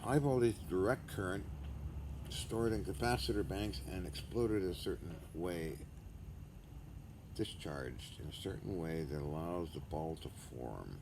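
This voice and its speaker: Deep-voiced older man rambling bluntly. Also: measured pace. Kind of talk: rambling casual vlog monologue. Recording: noisy background hiss.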